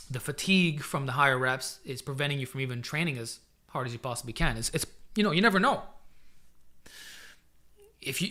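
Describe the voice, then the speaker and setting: Energetic, bright-voiced male fitness coach. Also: mid-range voice. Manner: energetic, chatty coaching, calls viewers "man". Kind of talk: casual live-stream Q&A. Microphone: desk microphone he sometimes leans away from.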